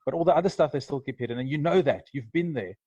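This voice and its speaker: A man's voice: fairly high pitch, quick pace, dark tone, husky, no echo. A man co-hosts a video call interview and speaks thoughtfully, with many restarts. The audio is dry and dull. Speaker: co-host.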